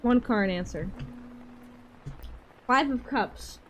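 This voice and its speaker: A woman with a Georgia accent chatting casually with her live-stream audience and doing tarot readings, excitable and playful. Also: on the high side, slow pace, slight background noise, rough recording. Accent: Southern US, Georgia. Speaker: livestreamer.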